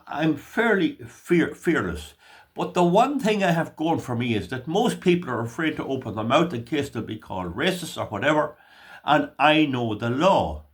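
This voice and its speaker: Older Irish man, vlog political commentary, emphatic and ranting, pitch swings widely. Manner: emphatic, opinionated ranting delivery.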